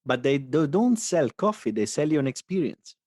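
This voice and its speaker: A man's voice: fairly high pitch, very animated, moderate pace, darkish tone, dry recording, studio quality. A man co-hosting a casual talk show, musing aloud and hesitant, often restarting his sentences. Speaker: podcast co-host. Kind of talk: casual chat.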